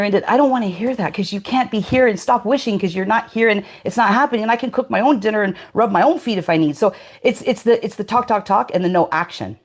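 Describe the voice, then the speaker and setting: A woman's voice: mid-range voice, fairly quick, few pauses. A woman answering interview questions in a hesitant way, with many fillers and restarts. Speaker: interview guest.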